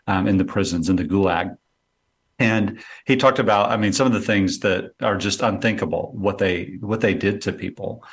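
A man in his forties, a guest on a radio talk show, explaining in a relaxed way with many fillers. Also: fairly low pitch. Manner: relaxed, explanatory, frequent "um" and "you know". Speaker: guest apologist. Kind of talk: casual radio conversation.

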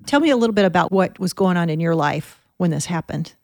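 A woman host asking gentle questions and reading a program introduction. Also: lowish voice, expressive, quick pace, no echo, clean studio sound.

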